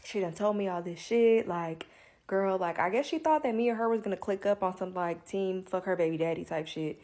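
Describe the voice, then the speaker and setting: A woman telling a long personal story in a casual, candid monologue, profane and rambling, filling nearly every pause with "like.". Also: mid-range voice, lively intonation, darkish tone. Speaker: storyteller vlogger.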